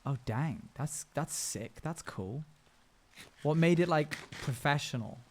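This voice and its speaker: A man's voice: on the high side, expressive, takes it slowly. Rambling, self-amused young man streaming. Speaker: live streamer. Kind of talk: casual gaming stream chatter.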